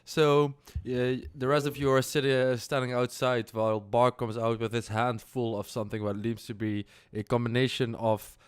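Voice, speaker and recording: A man with a non-native English accent narrating as game master, halting with fillers and often laughing. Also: medium pitch, level tone, clear, resonant tone, dry recording, clean studio sound.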